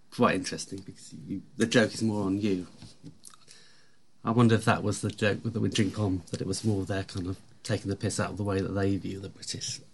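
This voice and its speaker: A man chatting casually on a podcast, rambling with halting restarts. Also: deep voice. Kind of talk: casual chat.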